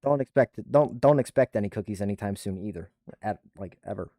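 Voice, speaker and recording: A man's voice: fairly low pitch, fast, dark tone, no echo. A man hosting a livestream, telling a casual profane story and ranting animatedly, recorded on a desktop USB mic at home. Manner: swears constantly, restarts, rants animatedly. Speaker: livestream host and army veteran. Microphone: desktop USB microphone.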